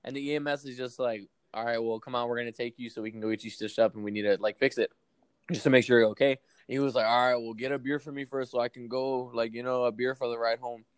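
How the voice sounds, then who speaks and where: A man's voice: medium pitch, fairly even intonation, fast talker, clean tone, no room sound. A young man casually telling a long story to friends, rambling and profane with lots of fillers. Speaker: podcast co-host telling a story.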